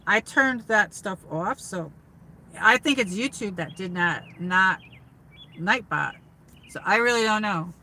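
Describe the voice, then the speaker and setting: A woman from upstate New York hosts a casual livestream from her car. Her voice is bright and forward, and she rambles along with plenty of fillers and restarts. A faint hum of noise sits behind her. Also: medium pitch, animated, measured pace, low-quality recording. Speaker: livestream host.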